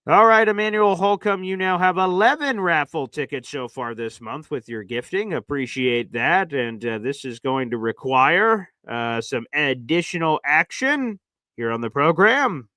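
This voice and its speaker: A man's voice: on the high side, expressive, measured pace, bright, forceful tone, dry recording, clean studio sound. A man hosting a casual sports livestream, hyped up and calling his viewers "baby" as he reads off gifts. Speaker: livestream host.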